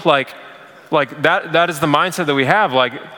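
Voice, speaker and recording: A man's voice: on the high side, normal speed, bright, forceful tone, long reverb tail. A man preaching a sermon in a casual, conversational way, full of fillers. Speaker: pastor.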